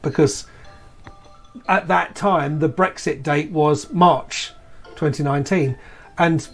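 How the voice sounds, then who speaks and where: A British man in his sixties, a tabletop game player chatting casually and rambling, repeating words as he restarts. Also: on the high side. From Britain. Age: 60s. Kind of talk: casual chat.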